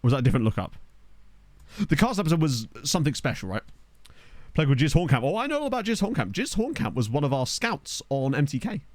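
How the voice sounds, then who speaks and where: A man with a neutral British accent chats quickly to his live-stream viewers while he plays a football management game. His voice bounces up and down with lots of lively pitch movement. It sounds dry and close, as if recorded on a desktop mic at home. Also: no echo. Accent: neutral British English. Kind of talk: casual live-stream chat. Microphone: desktop USB microphone.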